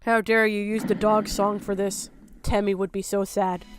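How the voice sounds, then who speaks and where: A young woman streaming a reaction, blunt and profane, exasperated and often shouting in disbelief. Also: medium pitch, little pitch movement, normal speed, over music. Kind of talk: casual reaction commentary.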